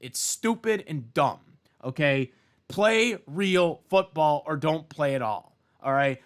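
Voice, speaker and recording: A man's voice: fairly high pitch, expressive, slow. Heated, swearing man ranting on sports. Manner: profane, heated, many fillers and restarts. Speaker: sports commentator vlogger. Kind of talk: casual opinion rant.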